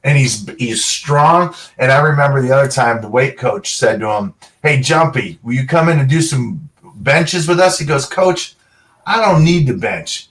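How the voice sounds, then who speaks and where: Middle-aged man, mid-pitched voice, animated storyteller, casual interview guest. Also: normal speed, distant mic, low-quality recording. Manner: animated storyteller, quotes people in short dialogue. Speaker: guest, former pro football player.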